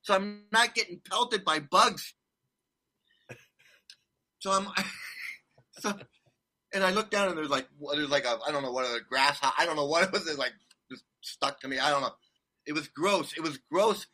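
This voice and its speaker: A man's voice: a little high, normal speed, pauses often, pushed and bright. A man telling a rambling travel story in casual chat, laughing often and restarting his sentences. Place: condo abroad.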